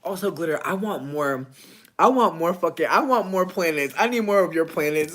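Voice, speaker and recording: A man giving a casual livestream tarot reading, talking in loose slang, breaking into loud laughter and dropping to soft asides. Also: sits high, expressive, fairly quick. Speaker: tarot reader.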